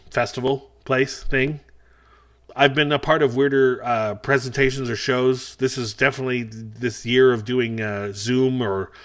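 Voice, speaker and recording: A middle-aged man talks through a rambling, self-deprecating stand-up set. His delivery is wry and casual, and his voice sits at an ordinary pitch for a man. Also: a bit bright. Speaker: stand-up comedian. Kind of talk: stand-up set for a virtual festival.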